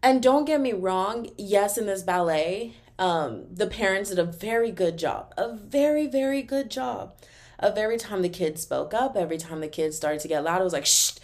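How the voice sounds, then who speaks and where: A young adult woman from Texas with a Texan accent, hosting a podcast in a casual, animated solo rant full of fillers. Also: mid-range voice. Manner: animated, exasperated, talks fast with many fillers. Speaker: podcast host.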